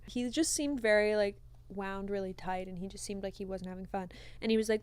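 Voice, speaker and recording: A woman's voice: mid-range voice, fairly even intonation, fast talker, few pauses, darkish tone, clear, resonant tone. A young woman co-hosting a podcast, animatedly telling a story and acting out the quotes. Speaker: podcast co-host. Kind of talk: casual storytelling chat.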